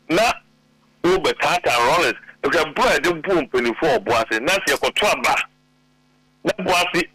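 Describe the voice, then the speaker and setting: Middle-aged Ghanaian man, political guest, insistent and emphatic, forceful tone. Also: a little high, husky, dry recording, poor audio. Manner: emphatic, mixes Twi and English. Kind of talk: animated political talk show.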